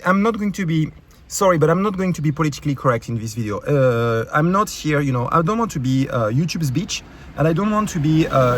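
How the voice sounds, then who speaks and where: A man with a French accent, a YouTube creator, ranting in a heated, sarcastic and profane way, with many halting fillers and restarts. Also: on the high side. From France. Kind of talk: ranting vlog commentary.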